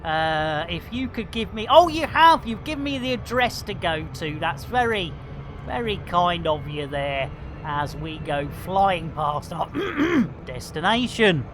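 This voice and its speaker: Male game streamer, chatty and playful, slow and animated. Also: high voice, music in the background. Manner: jokey, chatty, full of playful catchphrases. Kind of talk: casual live game commentary.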